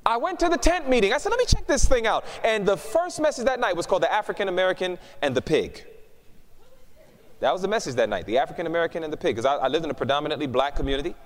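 A man preaching a testimony sermon, a lively storyteller who acts out the dialogue. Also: high voice, big-room sound.

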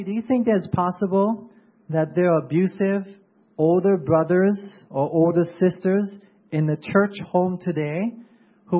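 A man delivers a sermon in a husky, fairly high voice, often stopping to put questions to his listeners. The recording sounds dull and lo-fi, with the top end muffled. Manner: keeps asking the congregation questions. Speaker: preacher.

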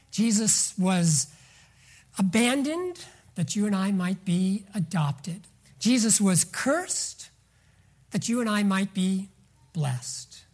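A woman preaching a sermon in a slightly husky voice whose pitch rises and falls a great deal. She drops to soft, almost whispered phrases, then presses words out loudly and slowly for weight. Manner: dramatic swings between soft, near-whispered lines and loud emphasis; slow, drawn-out words for emphasis.

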